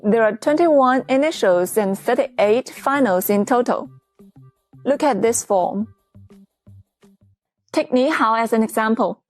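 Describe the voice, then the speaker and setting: A woman teacher in a scripted lesson, explaining clearly and patiently, step by step. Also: a little high, animated, takes it slowly, pauses often, a little mellow, faint music behind. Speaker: Chinese teacher.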